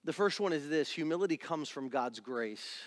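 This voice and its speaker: A middle-aged male pastor preaching a sermon in a church, animated and acting out little family scenes. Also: on the high side, moderate pace, no echo. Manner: animated, acts out family scenes in different voices.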